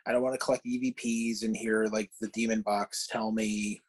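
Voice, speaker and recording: A man hosting a casual chat over a video call from home, rambling with halting restarts. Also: fairly low pitch, level tone, breathy edge, rough recording. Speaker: podcast host. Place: home, downstairs.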